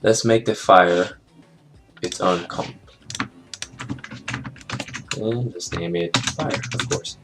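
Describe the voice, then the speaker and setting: A man walking through an animation software tutorial in a casual, think-aloud way, with fillers and small jokes. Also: sits low, steady tone, slow pace, pauses often. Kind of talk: screen-recorded software tutorial narration. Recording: clear background music under the voice.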